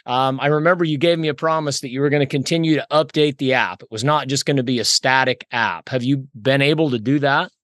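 A man hosting a podcast, chatty and energetic, often repeating words as he talks. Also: medium pitch, quick pace, hardly any pauses, no room sound, studio quality. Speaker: podcast host. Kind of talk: casual podcast conversation.

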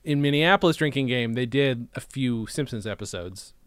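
A man chatting on a podcast, his pitch bouncing all over as he jokes and rambles. The sound is close and dry, with no room around it. He slips into silly put-on voices now and then. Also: expressive, normal speed, clear, resonant tone, no echo. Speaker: podcast co-host. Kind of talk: casual chat.

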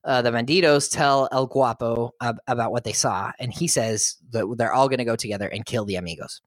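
A man's voice: medium pitch, a little fast, dry recording. Male podcast co-host, laid-back film recap with frequent chuckles, dry close sound. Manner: chuckles while retelling.

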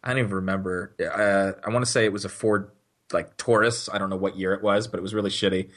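A man's voice: deep voice, quick pace. A man co-hosting a casual podcast, telling stories with frequent laughter. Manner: laughing storyteller, lively. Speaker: podcast co-host. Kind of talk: casual chat.

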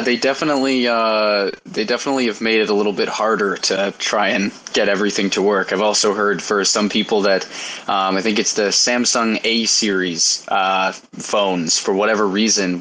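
A man hosting a live audio discussion, relaxed and rambling with frequent fillers. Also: on the low side, a little hiss or hum, poor audio. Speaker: host.

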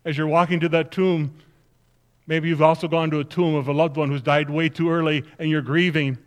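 An earnest woman disciple tells her own story to a congregation, as a male pastor puts her on in a first-person sermon. The voice sits slightly higher than usual for a man and carries emphatic, storytelling weight. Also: level tone, brisk, clear, resonant tone, close to an everyday voice. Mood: joyful. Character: grieving then joyful woman disciple, earnest.

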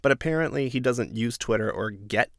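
A man's voice: mid-range voice, a little fast, dry recording, studio quality. A man giving a casual, sarcastic recap of a reality show, sometimes exasperated. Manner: exasperated, sarcastic, animated outbursts.

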